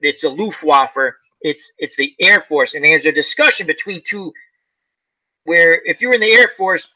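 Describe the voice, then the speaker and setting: A man chatting casually as host of his channel, his voice very bright and slightly high. He rambles through a movie plot, slipping into quoted lines as he goes. The sound is dull and lo-fi. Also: moderate pace. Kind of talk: casual chat retelling a movie.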